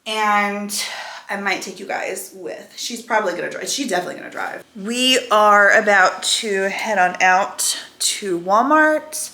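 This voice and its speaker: A woman's voice: medium pitch, a little slow, pushed and bright. A woman, chatting casually to her phone camera in a rambling way, full of "like" and "right?". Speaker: vlogger.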